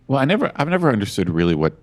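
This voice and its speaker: A man's voice: mid-range voice, very animated, racing. A man co-hosting a podcast in casual chat, rambling and self-deprecating with lots of restarts. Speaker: podcast co-host.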